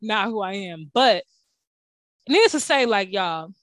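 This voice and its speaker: A young woman co-hosting a casual chat, telling stories with lots of swearing and big swings in pitch. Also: measured pace, no echo, clean studio sound. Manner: profane, animated storytelling with big pitch swings. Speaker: podcast co-host.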